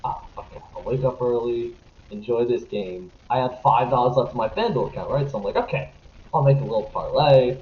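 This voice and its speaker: A young man on a sports podcast, ranting and swearing as he swings from low grumbling to loud outbursts. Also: a little fast, slight background noise. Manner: animated, profane, jumps between grumbling and shouting. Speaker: podcast co-host. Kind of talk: casual sports podcast rant. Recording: roomy, slightly dull podcast audio.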